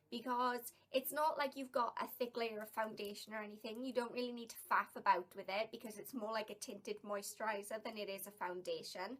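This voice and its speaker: A young woman from South Wales with a Welsh accent, chatting and rambling casually in a vlog tag video. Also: on the high side. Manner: chatty and rambling, with bright bursts of emphasis. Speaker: vlogger.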